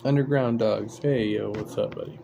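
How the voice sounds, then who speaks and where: A man's voice: on the low side, steady tone, moderate pace, creaky, dull audio, background noise. A man hosting a livestream, ranting in an irritated, profane, sarcastic way. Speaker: livestream host. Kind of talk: casual livestream rant.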